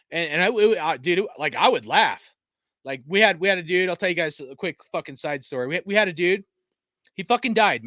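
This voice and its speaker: A man's voice: high-pitched, a bit bright, no room sound, clean studio sound. A man hosting a fan channel, ranting in a casual, heated and profane way, with many restarts. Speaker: sports fan channel host.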